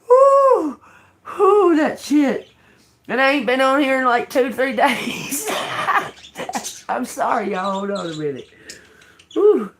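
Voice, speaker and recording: A woman's voice: sits high, sing-song, a little hiss or hum. An older woman, hosting a casual tarot livestream, giggling and laughing through her words, with plenty of swearing. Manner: giggly, laughing through speech, profane, slow drawl. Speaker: tarot reader livestream host.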